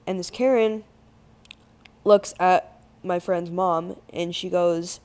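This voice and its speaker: A man's voice: high voice, takes it slowly. Slangy young man telling a storytime. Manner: slangy, swears freely, lots of "like"; animated, exaggerated retelling. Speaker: gaming channel host. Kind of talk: casual storytime.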